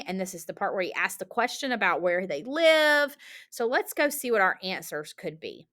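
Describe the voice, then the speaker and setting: A woman teacher giving a recorded reading lesson to children in an animated, encouraging way, asking lots of rhetorical questions. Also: on the low side, a little slow.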